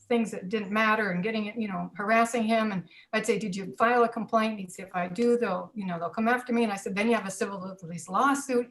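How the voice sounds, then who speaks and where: A woman's voice: medium pitch, poor audio. Woman, 60s, former teacher as guest; storyteller who animates the quoted dialogue. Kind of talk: personal storytelling.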